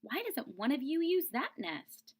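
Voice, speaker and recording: A hungry, frustrated young farmer from a storybook who bellows his cries and scolds the birds, as a woman reading aloud puts him on. His voice swings widely, climbing high on every shout. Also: big pitch swings, unhurried. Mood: scolding.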